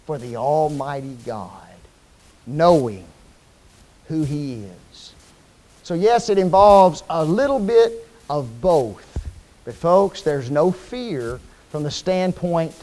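A man preaching a sermon, asking the congregation questions and answering them, swinging from loud high emphasis to low soft drops.

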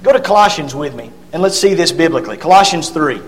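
A man's voice: on the high side, expressive, quick pace, long reverb tail, low-quality recording. A man preaching a sermon, earnest, with fillers and repeated words as he reads scripture aloud.

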